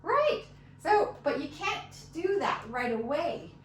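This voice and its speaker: A woman's voice: high-pitched, sing-song, slow pace. Patient woman teaching fiddle, roomy sound. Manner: patient, encouraging, counts beats aloud. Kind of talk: one-on-one music lesson. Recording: roomy, mic at a distance, fiddle playing.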